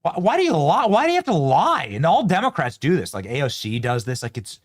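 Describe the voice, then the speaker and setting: A man hosting a political commentary show, mocking and animated, often breaking into laughter. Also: a little high, a little fast. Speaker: host.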